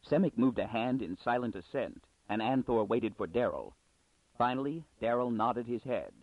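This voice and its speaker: Brief: male narrator, lively storytelling pitch, dry and phone-thin recording. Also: normal speed, no room sound. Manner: expressive reading with animated pitch. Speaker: audiobook narrator. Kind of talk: scripted narration. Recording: dry, phone-like narrow sound.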